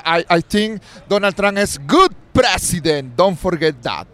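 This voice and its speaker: A man who is not a native English speaker, a costumed street performer, talking haltingly in broken English with many pauses, outdoors in a busy city square. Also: high-pitched, animated, a bit bright. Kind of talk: casual street interview.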